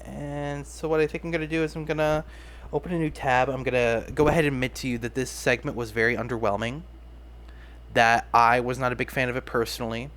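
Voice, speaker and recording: A man's voice: medium pitch, a bit bright. A young man hosting his own podcast, rambling casually and self-deprecatingly, often restarting his sentences. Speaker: podcast host. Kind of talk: casual solo podcast talk.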